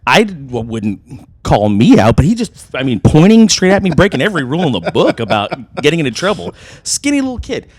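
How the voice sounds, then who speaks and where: A man's voice: a little high, big pitch swings, brisk, no room sound. Profane storytelling man, dry sound. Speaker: podcast co-host. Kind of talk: casual chat over drinks.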